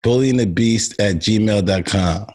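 A man co-hosting a podcast in loose, joking, profane casual chat, with a husky voice. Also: fairly low pitch, unhurried, darkish tone. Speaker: podcast co-host.

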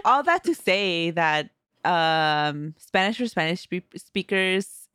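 A woman's voice: fairly low pitch, lively intonation, slow, fairly bright tone, smooth, no room sound. A woman co-hosting a podcast in casual chat, laid-back with casual swearing and dry asides. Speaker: podcast co-host.

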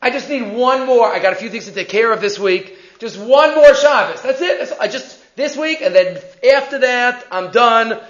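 A man's voice: high voice, expressive, a little fast, a bit bright. A man doing a wealthy man who keeps bargaining. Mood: pleading. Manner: bargaining, insistent. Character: wealthy man pleading for one more week. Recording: echoey dull recording.

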